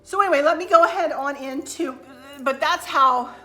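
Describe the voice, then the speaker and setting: A woman's voice: high-pitched, normal speed, pushed and bright. A middle-aged woman, talking casually and rambling to her viewers at home. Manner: chatty, rambling, addresses viewers as y'all. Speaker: vlogger. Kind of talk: casual chat.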